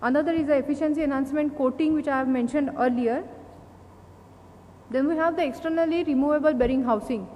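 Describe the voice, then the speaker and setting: Indian woman, high pitch, halting conference presenter, reverberant hall with faint hiss. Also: lo-fi sound. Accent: Indian English. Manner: halting, many fillers and restarts. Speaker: company speaker at an industry event.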